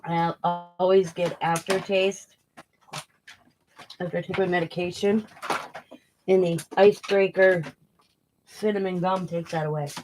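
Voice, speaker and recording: A woman's voice: lowish voice, fairly even intonation, unhurried, long pauses, darkish tone, a little hiss or hum. A woman hosting a casual crafting livestream, chatting loosely as she works and chewing gum while she talks. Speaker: craft channel host.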